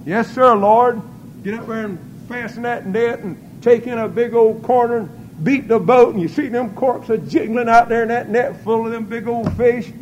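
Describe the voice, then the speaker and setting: An older man preaching a testimony sermon in folksy storytelling style, breaking into loud praise. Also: very high-pitched, steady tone, moderate pace, few pauses, dull audio, a little hiss or hum.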